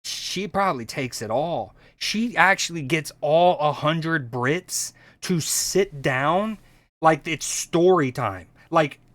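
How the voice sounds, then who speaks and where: A man's voice: fairly high pitch, lively intonation, slow, fairly bright tone, dry recording. A man from the United States streaming, reacting in rambling, profane casual chat. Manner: rambling, profane, restarts often.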